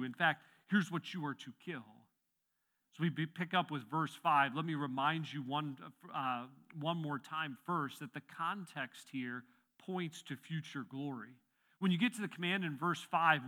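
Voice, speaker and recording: A man's voice: fairly high pitch, bright, forceful tone. A man giving a sermon as pastor, preaching emphatically and rising and falling on key phrases.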